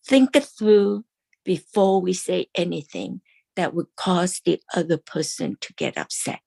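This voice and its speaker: A woman teaching an online class in an earnest, gently instructive way. Her voice sits a little low and has a gravelly creak. She often pauses and restarts her sentences. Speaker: Dao study class teacher. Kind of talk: online religious class talk.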